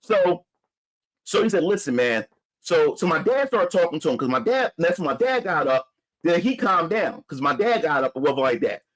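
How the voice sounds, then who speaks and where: A man's voice: on the high side, very animated, brisk, a bit bright, rough recording. A man from Philadelphia telling a story in a heated, profane, repetitive rant. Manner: heated, profane, repeats himself. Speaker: vlogger.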